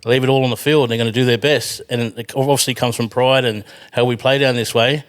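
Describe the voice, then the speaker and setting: Australian man, podcast guest, rapid rambling storyteller who swears casually. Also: medium pitch, fairly even intonation. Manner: rambling, many fillers and restarts, swears freely.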